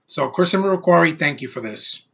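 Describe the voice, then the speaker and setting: A man's voice: a little high, expressive, moderate pace, vocal fry, fairly bright tone, slightly rough. A young man giving a brash, over-the-top movie review, ranting and swearing as he talks.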